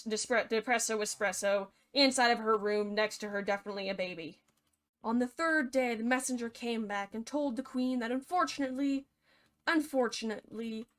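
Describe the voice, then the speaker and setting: A woman's voice: on the high side, a bit bright, smooth. A young woman telling a fairy tale in a casual, playful, slangy and rambling way. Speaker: narrator. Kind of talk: casual storytelling narration.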